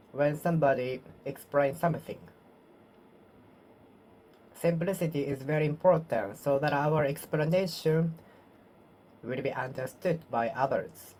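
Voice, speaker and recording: A woman whose first language is Japanese, speaking English to herself in a slow self-study monologue, repeating words and correcting her phrasing. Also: sits low, warm tone, slight background noise. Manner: slow, repetitive, self-correcting practice speech. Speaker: vlogger practicing English.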